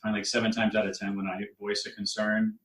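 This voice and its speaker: A man's voice: fairly low pitch, little pitch movement, fast talker, fairly bright tone, roomy sound, poor audio. A man speaking as a guest on a podcast, talking loosely with many restarts and frequent laughs. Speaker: guest author. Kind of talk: casual interview chat.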